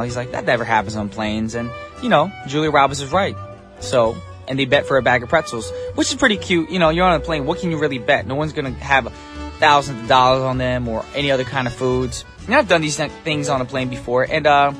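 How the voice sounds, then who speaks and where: A man's voice: mid-range voice, a bit bright. A man hosting a radio show in a casual, chatty way, joking and laughing at himself between songs. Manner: chatty, joking, self-deprecating asides. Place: radio studio. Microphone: studio microphone.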